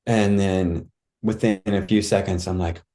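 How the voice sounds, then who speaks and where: A man's voice: deep voice, fairly even intonation, a little slow, dark tone. A man guest on a podcast, telling a personal story in casual talk, acting out his own cries and thoughts and saying "dude" and "like" a lot.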